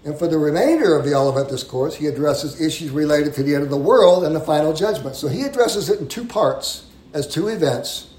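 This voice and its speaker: A man's voice: on the high side, animated, a little fast, a little mellow. A man preaching a sermon, teaching verse by verse in a conversational way, stressing key phrases and often repeating words. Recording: roomy echo.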